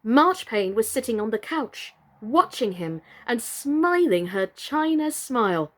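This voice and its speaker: A woman reading a children's book aloud as a storyteller, slow, gentle and expressive. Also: a little high.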